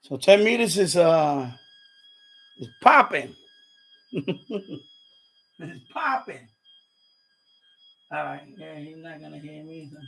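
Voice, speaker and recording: A man's voice: a little high, takes it slowly, creaky, long pauses, a bit bright. A man talking casually and out of breath on a live stream about his ham radio, laughing to himself as he moves gear around his setup.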